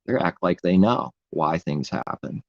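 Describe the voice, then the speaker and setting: Man, very deep voice, gravelly, rambling live-stream sermon, muffled lo-fi sound. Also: lively intonation, measured pace, dry recording. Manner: rambling, conversational preaching. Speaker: preacher.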